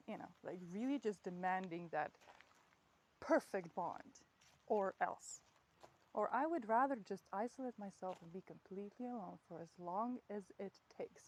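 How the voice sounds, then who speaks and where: Woman, mid-pitched, rambling audio diary monologue, frequent swearing and laughter, recorded on a walk outdoors. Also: animated, normal speed, poor audio. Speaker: vlogger. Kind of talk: candid spoken audio diary.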